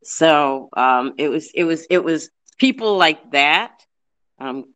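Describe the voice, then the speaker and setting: A man giving an earnest, fast-paced history talk, full of fillers and restarts. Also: a little high, expressive, pushed and bright, clear, resonant tone. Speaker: guest speaker on local history. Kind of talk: informal history talk with questions.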